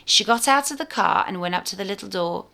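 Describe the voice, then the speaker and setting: A woman, a teacher, reading a storybook aloud to young children with clear, expressive storytelling. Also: medium pitch, a little fast.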